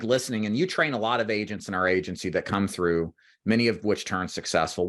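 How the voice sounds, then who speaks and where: A man with a low, deep voice hosts a sales-training interview over a video call. He talks in long explanatory stretches and turns to address the viewers directly. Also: a little fast, fairly bright tone. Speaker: host and agency owner. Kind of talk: interview for a recruiting livestream.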